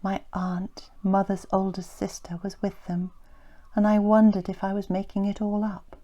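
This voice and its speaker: A middle-aged woman reads her own memoir aloud, softly and reflectively, often dropping to a breathy near-whisper. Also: mid-range voice, little pitch movement, moderate pace. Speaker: author reading her memoir. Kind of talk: audiobook memoir narration.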